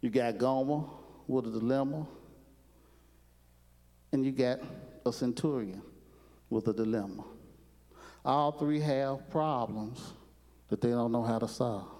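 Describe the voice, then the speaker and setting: A man's voice: medium pitch, a little slow, pauses often, a little mellow. A man preaching a sermon, retelling a TV episode and acting out the characters' lines as he goes. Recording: long hall reverb.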